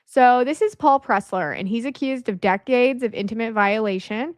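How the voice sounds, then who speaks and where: A woman's voice: a little high, moderate pace, dry recording, clean studio sound. A woman hosting her video from home, talking casually through slides with lots of fillers and asides, her voice strained and worn. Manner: conversational, with frequent fillers and asides. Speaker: video host. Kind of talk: casual commentary over on-screen slides. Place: at home, at night. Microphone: camera mic at a desk.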